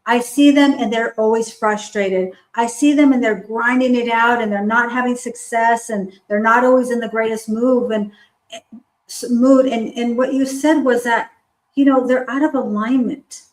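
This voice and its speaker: A woman's voice: on the high side, steady tone, normal speed. A woman hosting a live online talk show, upbeat and cheering her guest on. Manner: enthusiastic, cheering. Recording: roomy echo.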